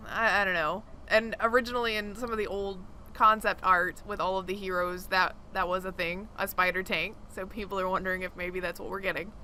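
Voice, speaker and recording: A woman co-hosting a podcast in casual chat, animated and quick to laugh. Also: mid-range voice, a little hiss or hum. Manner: animated, laughs often, talks in bursts. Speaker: podcast co-host.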